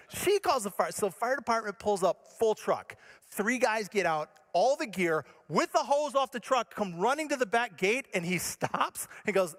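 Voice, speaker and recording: A male pastor preaching a sermon by telling a comic personal story in an animated, self-mocking way. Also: sits high, moderate pace.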